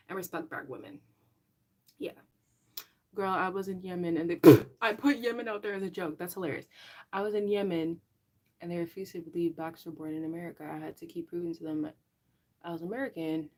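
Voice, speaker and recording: A young woman hosting a casual livestream chat, talking straight to her viewers in an animated way and laughing often. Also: lowish voice. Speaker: livestream host.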